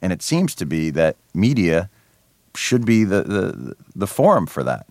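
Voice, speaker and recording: A man with a very deep voice swings up and down in pitch as he talks. He sounds sardonic and animated, tripping into restarts as his thoughts outrun his words. The sound is close and dry, as from a studio mic. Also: unhurried, vocal fry, no echo. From New Jersey. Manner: many restarts and fillers. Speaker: interview guest, comedy show host. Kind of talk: radio interview.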